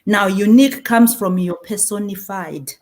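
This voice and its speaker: A South African woman in her forties with a Zulu-inflected accent, a marketing speaker giving an animated conference panel talk and mixing in Zulu phrases. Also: medium pitch, normal speed, a little hiss or hum.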